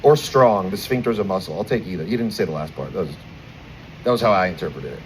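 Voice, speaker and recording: Crude young American stand-up comic. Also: male voice, low-pitched, quick pace, slight background noise, low-quality recording. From United States. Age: 20s. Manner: crude, animated storytelling with acted-out quotes. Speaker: stand-up comedian. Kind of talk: stand-up comedy set. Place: outdoors at a bar.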